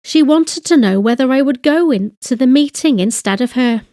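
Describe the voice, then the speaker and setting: A woman giving a slow, deliberate grammar lesson, reading example phrases and translating them. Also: sits high, lively intonation, mellow, no echo, studio quality. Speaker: language teacher.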